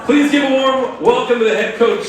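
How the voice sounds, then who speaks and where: High lively guy on a stadium pa, loud crowd, heavy echo. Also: normal speed, very noisy. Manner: lively, building hype. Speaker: announcer introducing speakers. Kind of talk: stadium announcement. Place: outdoor stadium. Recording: echoey stadium PA from far off.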